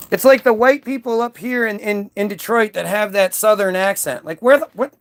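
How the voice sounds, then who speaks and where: A man's voice: sits high, moderate pace, few pauses, a bit bright. A man delivering a combative, profane, rambling monologue to his stream audience, often restarting his sentences. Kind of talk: ranting monologue.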